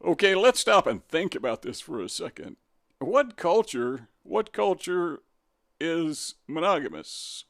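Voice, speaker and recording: A middle-aged man delivers an opinion commentary with a sarcastic, combative edge. His voice sits a little higher than most men's. He presses his listeners with rhetorical questions, recorded close and dry with no room sound. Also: vocal fry, no echo. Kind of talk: opinion commentary reading from a web page.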